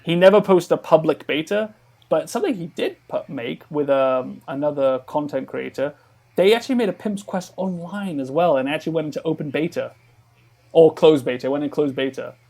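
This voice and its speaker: Rambling man, fairly high voice. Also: animated, a little fast, gravelly, a little mellow. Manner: rambling, many fillers and restarts. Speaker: game developer guest. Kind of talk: casual podcast conversation.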